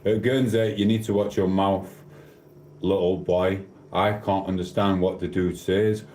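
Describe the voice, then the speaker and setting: A man with a South Yorkshire accent rambles cheekily through viewers' comments on a live stream. His voice sits somewhat low. The room rings with echo, and a faint hiss runs underneath. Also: steady tone, measured pace, a little mellow. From South Yorkshire, England. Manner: rambling, cheeky, banters with chat. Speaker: livestreamer. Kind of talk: casual live-stream chat reading comments. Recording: echoey room.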